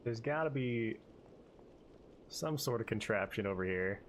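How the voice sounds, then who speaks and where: A man talks to himself over a video game, his pitch rising and falling a lot as he thinks aloud. His tone is playful and musing. A faint hiss of noise sits under his voice. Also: lively intonation, unhurried. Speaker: let's play host. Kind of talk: casual gameplay commentary.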